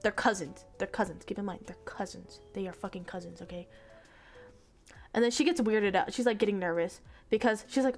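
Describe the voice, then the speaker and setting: A woman's voice: medium pitch, brisk, soft background music. A female streamer giving casual commentary, exasperated and swearing a lot.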